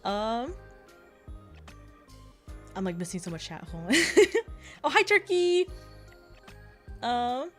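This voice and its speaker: Fast-talking giggly young woman streamer. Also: a little high, big pitch swings, a bit bright, soft background music. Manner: fast, rambling, giggly, lots of filler. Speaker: VTuber streamer. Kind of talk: casual chat stream.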